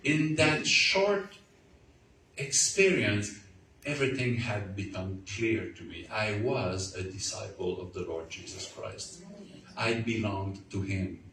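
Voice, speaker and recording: Man giving a halting testimony in a roomy hall. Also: fairly low pitch, expressive, bright, forceful tone. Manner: halting, repeats words, earnest storytelling. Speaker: guest speaker. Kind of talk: testimony to a church audience. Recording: roomy, far from the mic, faint noise.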